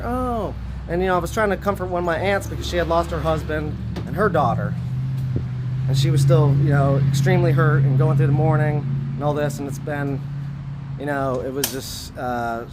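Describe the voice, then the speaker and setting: A man telling a personal story to camera outdoors, rambling and earnest, filling every pause with "you know" and "like" and hurrying to finish. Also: a little high, noisy background. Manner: hurried, wanting to finish quickly. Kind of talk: casual spoken recollection.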